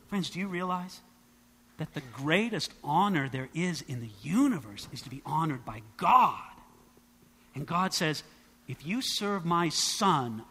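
Impassioned preacher with a bright, ringing voice. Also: male voice. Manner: impassioned, swinging between loud emphatic peaks and hushed low passages. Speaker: pastor. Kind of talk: sermon. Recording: preached in a large reverberant hall.

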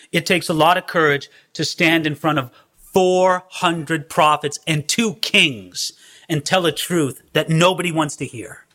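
A man preaching a sermon who tells the story in an animated way and acts out the scenes. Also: fairly high pitch. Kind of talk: expository sermon.

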